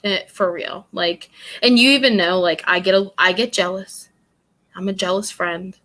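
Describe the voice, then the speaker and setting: A woman's voice: medium pitch, steady tone, normal speed, fairly bright tone. A young woman from New York, co-hosting a podcast and chatting casually, blunt and rambling, laughing often. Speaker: podcast co-host. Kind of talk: casual chat.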